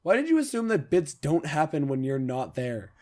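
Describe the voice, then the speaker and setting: A man's voice: on the high side, sing-song, normal speed, mellow. A young man co-hosting a casual podcast, trading crude, laid-back jokes. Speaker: podcast co-host. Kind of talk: casual chat.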